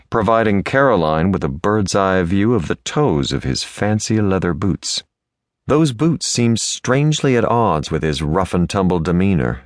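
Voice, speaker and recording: A man narrating a Western romance audiobook with lively, expressive storytelling. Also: on the low side, dry recording, clean studio sound. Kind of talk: scripted narration.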